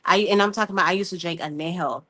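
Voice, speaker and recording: Lively, slangy woman with a bright voice. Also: fairly low pitch, very fast. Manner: animated, talkative, slangy storytelling. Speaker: podcast guest. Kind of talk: casual group chat.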